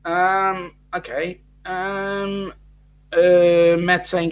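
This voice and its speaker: A man's voice: a little high, unhurried, a bit bright, a little hiss or hum, rough recording. A man hosting a casual live chat, reading out viewer comments with many ums and restarts. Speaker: host of a live chat show.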